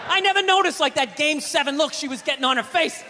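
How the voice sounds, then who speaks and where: A man performing a stand-up comedy routine, ranting in exasperation and shouting his punchlines. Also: extremely high pitch, fast talker. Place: comedy theater stage. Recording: live hall reverb, crowd laughter and noise.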